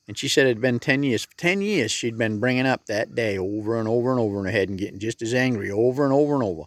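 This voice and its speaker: A man's voice: medium pitch, quick pace, hardly any pauses, no echo, clean studio sound. A man talking straight to the camera in a casual motivational vlog, with plain-spoken, folksy advice. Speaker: motivational vlogger.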